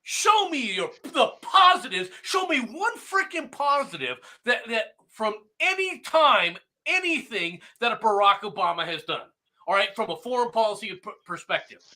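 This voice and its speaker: Sex: man. Role: political talk host. Style: angry ranting commentary. Pitch: high, very lively. Tone: bright. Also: normal speed. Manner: angry, sarcastic, mocking, often shouting.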